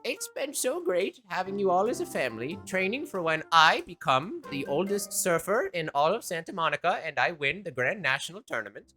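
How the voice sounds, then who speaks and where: A woman voicing a feisty, defiant ninety-year-old grandmother who blurts things out loudly in a tabletop game. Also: lowish voice, big pitch swings, a little fast, hardly any pauses, soft background music, voice pushed up. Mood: brash. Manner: loud, brash outbursts.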